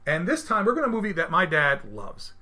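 A man in his thirties hosting a podcast in casual chat, animated, acting out quotes and often restarting his sentences. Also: sits high, quick pace. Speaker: podcast host.

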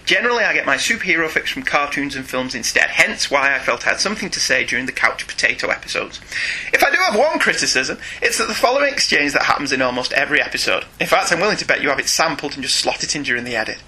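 A man's voice: a little high, big pitch swings, fast, bright, forceful tone, breathy edge. A middle-aged British man co-hosting a podcast, reading listener emails aloud, teasing and laughing often. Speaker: podcast co-host, father.

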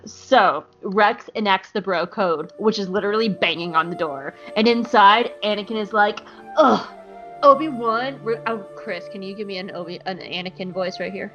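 A woman hosting a casual recap show, animated and playful, swearing freely. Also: mid-range voice, moderate pace, hardly any pauses, soft background music, poor audio. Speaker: podcast host recapping an episode. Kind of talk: casual chat.

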